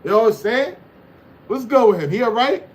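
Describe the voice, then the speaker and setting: A man hosting a livestream reads the chat and jokes around, trading loose, teasing banter and often saying "you know what I'm saying." His voice is very high-pitched, expressive, and fairly quick.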